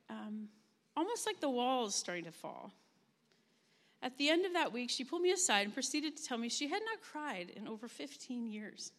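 Woman speaker, earnest storyteller, fairly high voice, long reverb of a large room. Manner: earnest, storytelling, gentle pauses. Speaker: camp ministry leader giving a talk. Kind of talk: heartfelt spoken testimony.

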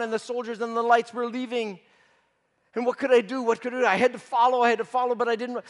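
A guilt-stricken disciple Peter, played by a man, recalling his denial in a dramatic first-person monologue. The voice sits high for a man and carries a long reverb, as if from a big hall. He swings from urgent outbursts to hushed, broken confession. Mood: frantic. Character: remorseful male disciple Peter, grown man haunted by guilt.

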